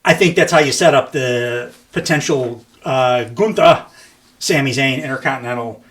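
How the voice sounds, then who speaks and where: A man's voice: medium pitch, normal speed, fairly bright tone. A man hosting a casual wrestling podcast, rambling with lots of fillers, laughing often and swearing casually. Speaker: podcast host.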